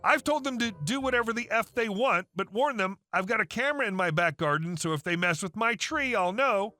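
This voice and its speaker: A man narrating online stories in an even, matter-of-fact way. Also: high-pitched, brisk, no room sound, faint music behind. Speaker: story narrator.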